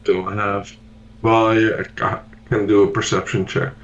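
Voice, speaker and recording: A man's voice: lowish voice, flat delivery, a little slow. A man playing in an online tabletop game, hesitant and stumbling over his words, on a dull call mic. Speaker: player.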